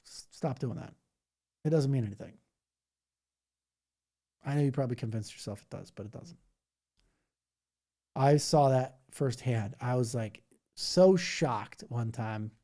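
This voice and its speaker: A mellow, mid-range male voice belongs to a livestream host who casually reacts to comments from viewers, wandering off topic, laughing, and doing silly impressions to make fun of things.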